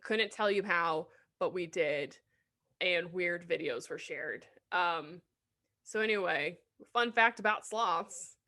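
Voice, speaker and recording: Bright-voiced woman cohosting a chatty podcast, swears a lot, does goofy little voices for animals. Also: on the low side, slow pace. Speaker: podcast co-host. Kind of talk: casual podcast chat.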